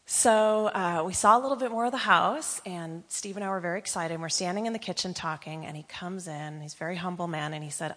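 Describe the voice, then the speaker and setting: A woman's voice: lowish voice, brisk, fairly bright tone. A woman telling an earnest personal testimony story to a congregation, quoting the people she met as she goes. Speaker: church member giving a testimony. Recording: reverberant church hall.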